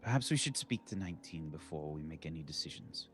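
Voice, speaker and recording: A man voicing a polite, formal adventurer who speaks in a measured, persuasive way. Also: very deep voice, lively intonation, over music. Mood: earnest.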